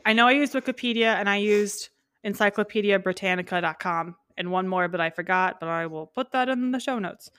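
A woman's voice: mid-range voice, fairly bright tone, clean tone, no room sound, clean studio sound. Chatty, joking woman in her twenties. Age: 20s. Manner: joking, chatty, quick laughs. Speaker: podcast co-host. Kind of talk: casual chat.

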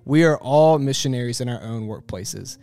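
Earnest male host over soft music. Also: medium pitch, lively intonation, normal speed, creaky. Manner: earnest, encouraging. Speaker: podcast host. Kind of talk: scripted outro. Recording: music bed under voice.

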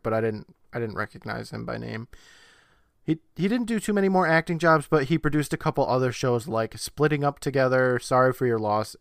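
A man's voice: mid-range voice, no room sound, clean studio sound. Man in his thirties recapping a show. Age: 30s. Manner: relaxed storytelling with "like" fillers. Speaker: podcast co-host. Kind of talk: casual chat, recapping an episode.

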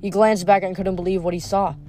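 A reader narrating a novel aloud at a steady, even pace, with small slips corrected on the fly. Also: medium pitch, a little fast, faint music behind. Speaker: audiobook reader.

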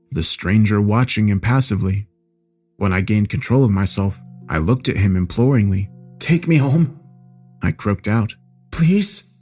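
A man's voice: lowish voice, darkish tone. A man reading a first-person horror story aloud in a dramatic, scripted narration.

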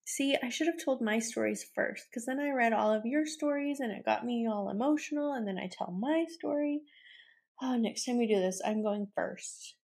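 A woman's voice: a little high, gravelly. Podcast host, woman in her thirties, chatty storyteller who gets teary and laughs it off. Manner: emotional, tearful and laughing while telling stories. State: choked up, near tears. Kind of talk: casual storytelling.

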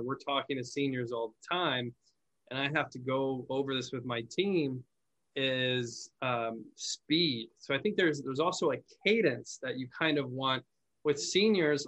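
A man who owns a call center, hosting a podcast and explaining phone sales in a relaxed, chatty way, often restarting his words. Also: medium pitch, poor audio. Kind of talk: casual conversational podcast chat.

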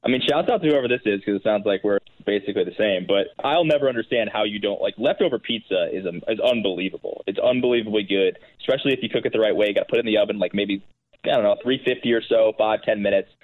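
Fast-talking man on a tinny line. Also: fairly low pitch. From Connecticut, USA. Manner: rambling, filler-heavy talk. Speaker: podcast co-host. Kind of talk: casual podcast chat. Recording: phone-like narrow sound.

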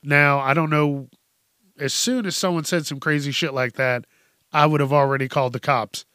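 A man's voice: a little high, fairly even intonation, normal speed, fairly bright tone, no room sound, clean studio sound. A man hosting a podcast, telling a news story in a casual, profane way and often laughing. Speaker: podcast host.

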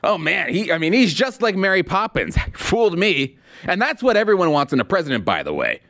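A male show host delivering opinion commentary in a sarcastic, mocking tone. His pitch sits a little high and swings widely as he reacts with disbelief. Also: big pitch swings, a little fast, a bit bright.

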